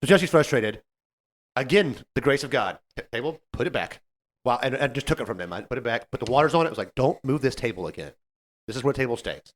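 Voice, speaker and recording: A man co-hosting a podcast, telling a story about a difficult customer in a casual, animated way and acting out what people said. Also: mid-range voice, quick pace. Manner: animated, acts out customer quotes. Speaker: podcast co-host, server.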